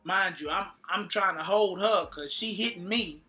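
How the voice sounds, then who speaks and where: Bright-voiced man telling a story. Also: high voice, moderate pace, slightly rough. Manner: animated, acts out quotes, laughs often. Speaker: vlogger recounting a fight. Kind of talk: casual storytelling. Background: faint background music.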